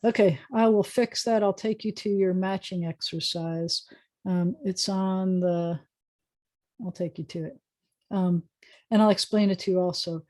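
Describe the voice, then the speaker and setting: A woman's voice: medium pitch, fairly even intonation, dark tone. Woman teaching hebrew on a video call. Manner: patient, sounds out words slowly, chatty asides. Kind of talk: online Hebrew lesson.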